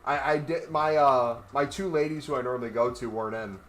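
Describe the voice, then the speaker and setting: On a gaming livestream, a man chats casually, rambling and joking as he walks on a walking pad. He has a mid-range voice and a brisk pace.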